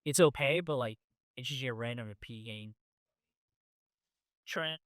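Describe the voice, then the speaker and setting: A man's voice: medium pitch, measured pace, fairly bright tone, no echo. A man hosting a podcast in a studio, chatting casually while troubleshooting a microphone that keeps peaking. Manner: fussing over audio levels, loose and chatty. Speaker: podcast host.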